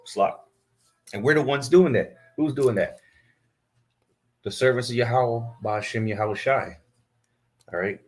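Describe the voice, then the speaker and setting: A man's voice: mid-range voice, unhurried, long pauses. A man preaching a fiery sermon, scolding his listeners and reading scripture aloud into a camera he set up himself.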